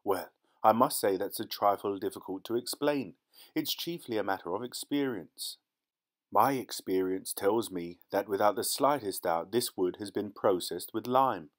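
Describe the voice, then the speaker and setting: A man voicing Mister Boggis, a fussy, smooth-talking antiques dealer posing as a clergyman, lecturing in a precise, indignant manner. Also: lowish voice, moderate pace, natural voice.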